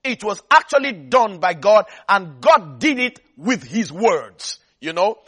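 A man's voice: sits high, animated, measured pace, sharp tone, husky. A man preaching a sermon, repeating phrases for emphasis and often checking that listeners follow.

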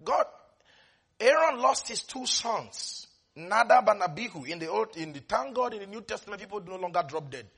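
Lively high-voiced male preacher. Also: moderate pace, husky. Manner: animated, shouts and laughs between hushed asides. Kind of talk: sermon.

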